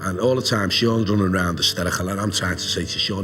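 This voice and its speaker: A man recalls what he saw in halting, emotional bursts. His voice sits on the lower side. This is a documentary interview. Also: fairly even intonation, over music. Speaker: witness.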